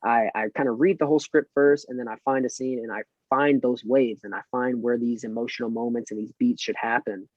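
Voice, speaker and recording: Rambling man in a relaxed interview. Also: medium pitch, a little fast, few pauses, no room sound. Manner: relaxed and rambling, with many fillers. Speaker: actor guest. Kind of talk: casual interview chat. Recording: dry, dull lo-fi sound.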